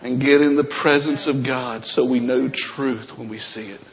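A man preaching a sermon as pastor, swinging between shouted passages and quieter talk. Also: medium pitch, fairly even intonation, moderate pace, lo-fi sound.

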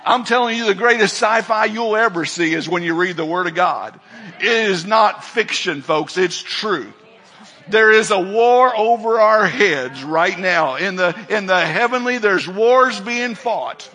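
High, husky-voiced preaching man. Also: animated, measured pace. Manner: emphatic preaching, swings from loud calls to quiet asides. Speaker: pastor. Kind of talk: sermon.

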